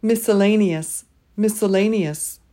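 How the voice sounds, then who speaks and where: A woman leading a pronunciation drill, saying each word twice and pausing so listeners can repeat. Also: mid-range voice, warm tone. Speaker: pronunciation teacher.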